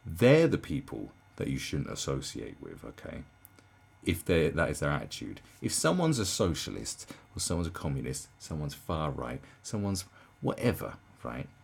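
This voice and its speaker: A young man ranting in a reaction commentary, incredulous and swearing, swinging from mocking shrieks down to low, sad muttering. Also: wildly swooping pitch, moderate pace, creaky, slightly rough.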